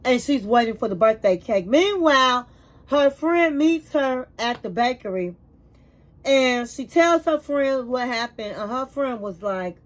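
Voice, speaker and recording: A woman with a high voice tells a reality show's drama as a casual recap. She calls her audience honey and piles up emphatic repeats when she reacts. Her storytelling is animated. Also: a little slow. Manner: chatty storytelling, acts out quotes, calls viewers honey.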